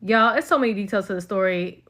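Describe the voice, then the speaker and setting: A woman's voice: medium pitch, fast talker, a bit bright. Chatty young woman telling a story. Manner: chatty, conversational, lots of "like" fillers. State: pregnant. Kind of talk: casual story time.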